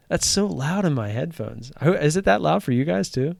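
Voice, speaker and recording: Gravelly, excitable man streaming live. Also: on the high side, normal speed, no room sound. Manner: excitable, swears casually, rambling restarts. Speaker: livestream host talking day trading. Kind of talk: casual live-stream chat. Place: home streaming setup wearing headphones.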